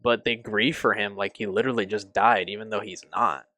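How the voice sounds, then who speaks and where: Young guy reviewing a show, kinda low voice, swears a lot, dry close mic. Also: fairly even intonation, sharp tone, no room sound. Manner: emotional, swears a lot, halting restarts. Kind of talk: casual review.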